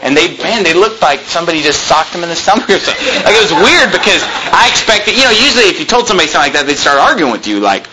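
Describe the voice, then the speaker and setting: A man's voice: on the high side, big pitch swings, rapid-fire, few pauses, background noise. A man preaching a sermon as a pastor, telling stories animatedly, acting out dialogue and dropping sarcastic asides.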